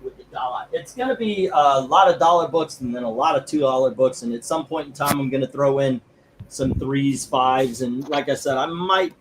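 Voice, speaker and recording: A man's voice: medium pitch, normal speed, slight background noise, rough recording. A man hosting a live comic book auction stream, chatting casually and rambling with jokes, feeling sick from food poisoning. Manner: rambling, jokey, laughs easily.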